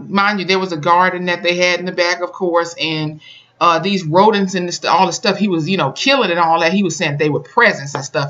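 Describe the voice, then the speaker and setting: A YouTuber recapping a horror episode in a casual, profane, animated way, full of sassy asides. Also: medium pitch, dull audio. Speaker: TV episode reviewer.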